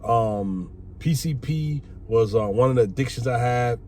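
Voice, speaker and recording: A middle-aged man casually telling a personal story, animated and profane. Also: mid-range voice, unhurried. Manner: animated, profane, acts out quoted voices. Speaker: vlogger telling his life story. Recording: faint background noise.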